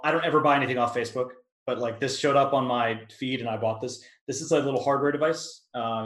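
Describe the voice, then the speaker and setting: A man's voice: medium pitch, fairly bright tone, echoey room, rough recording. A man teaching product management, answering questions casually on a video call with filler words and restarts. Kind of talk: webinar Q&A answer.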